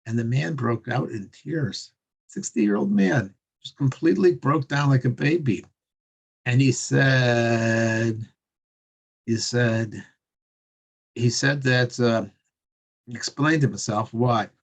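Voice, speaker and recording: Guy telling a faith story, earnest and chatty, lots of pauses, middle pitch. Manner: earnest, conversational, with many pauses. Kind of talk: spoken religious storytelling.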